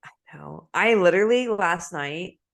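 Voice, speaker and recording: Gravelly and fairly low, a young woman's voice unfolds at a measured pace as she co-hosts a podcast. In casual chat she tells a story animatedly, voicing characters and laughing a lot.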